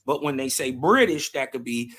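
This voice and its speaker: Bright-voiced slangy man co-host. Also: mid-range voice, lively intonation, normal speed. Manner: slangy, agreeable, explaining. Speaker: podcast co-host. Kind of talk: casual group discussion.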